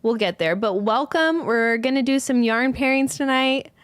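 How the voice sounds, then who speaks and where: A woman's voice: on the high side, normal speed, dry recording. A woman hosting a casual livestream, chatting and greeting viewers one by one by name, a little scattered as she reads comments. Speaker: host, yarn studio owner.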